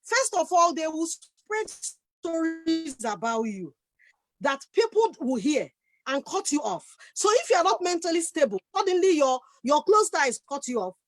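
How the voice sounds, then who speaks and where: A woman on a discussion panel, speaking forcefully and with passion from her own experience. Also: very high-pitched, big pitch swings, unhurried, no echo.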